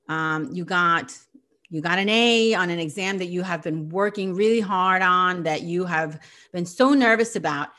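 A middle-aged woman giving a reflective explanatory talk on psychology in a measured, gentle way, often pausing with filler phrases. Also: mid-range voice.

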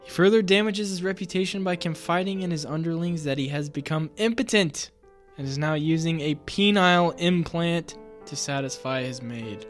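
A podcast co-host in casual chat, laid-back and jokey, reading notes in a flat voice at times. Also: mid-range voice, normal speed, faint music behind.

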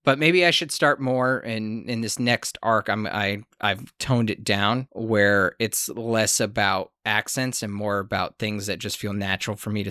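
A man hosts a casual podcast chat as the game master. His talk rambles, and he often makes fun of himself. His voice is bright and forceful, with a dry, close sound. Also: on the low side, dry recording. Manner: rambling, self-deprecating.

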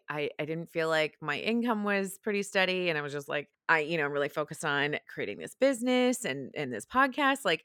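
A woman's voice: on the low side, a bit bright, clear, resonant tone, no echo, studio quality. A woman in her thirties hosting a podcast, telling a personal story in a frank, confessional way and laughing often. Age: 30s. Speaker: podcast host.

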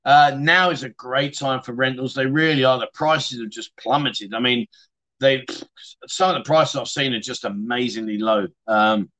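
A man's voice: medium pitch, normal speed, sharp tone. A middle-aged man, hosting a casual livestream chat show, reading viewer comments and rambling into stories with matey banter. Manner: chatty, rambling storyteller with mates' banter.

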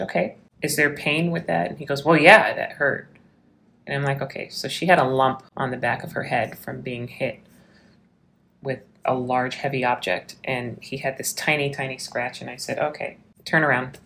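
A woman's voice: rumbling low, creaky, a bit bright. A woman police officer telling a story from her work in an interview, acting out the quoted lines.

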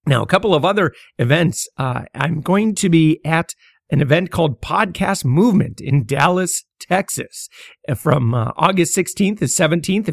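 A man's voice: fairly high pitch, vocal fry, no room sound, studio quality. A middle-aged man hosting a casual solo podcast, talking with many fillers, stammers and restarts. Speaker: podcast host.

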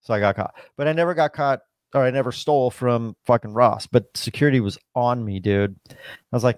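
A man talking loosely on a podcast, his speech full of filler words and swearing, wandering from one point to the next. His voice sits in an ordinary middle pitch. It is picked up close and dry, with no room sound. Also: a little fast, no echo. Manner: rambling, heavy swearing, lots of "like" and "dude". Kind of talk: casual chat.

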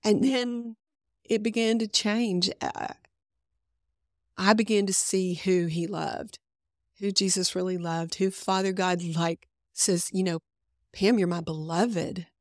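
A woman's voice: medium pitch, steady tone, takes it slowly, no echo, studio quality. A middle-aged woman guest sharing a personal faith testimony in earnest conversational storytelling, acting out her own past thoughts. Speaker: podcast guest.

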